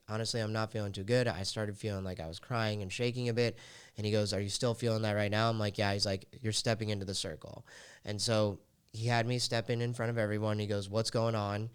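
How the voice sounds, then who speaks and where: A man's voice: lowish voice, clean tone. A man hosting a podcast, telling a personal story in a candid, emotional way and leaning heavily on "like" fillers. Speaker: podcast host.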